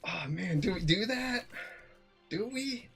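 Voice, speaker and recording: Slow-talking man commentating a card game. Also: high voice, expressive, vocal fry, fairly bright tone, husky, soft background music. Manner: unhurried, muttering to himself, chuckling often. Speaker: streamer playing a card game. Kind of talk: casual gameplay commentary.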